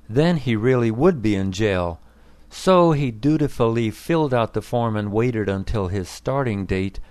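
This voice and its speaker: A man reading a story aloud as narrator in a wry, measured storytelling manner. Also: lowish voice, darkish tone, no room sound. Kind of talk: scripted narration.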